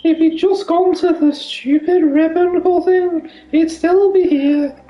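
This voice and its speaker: A woman voicing a posh grieving widow, speaking in a prim, measured way, in an echoey room. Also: steady tone, mellow. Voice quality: posh, high put-on voice.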